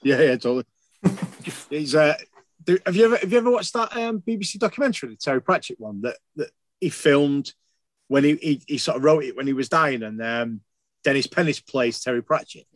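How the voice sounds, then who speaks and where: A man's voice: on the high side, lively intonation, brisk, no room sound. A man chatting casually on a podcast, rambling and enthusiastic, swearing freely. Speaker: podcast co-host.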